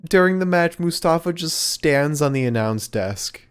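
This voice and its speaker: A podcast co-host talking through a wrestling show in casual chat, opinionated and pausing to restart sentences. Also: medium pitch, lively intonation, smooth.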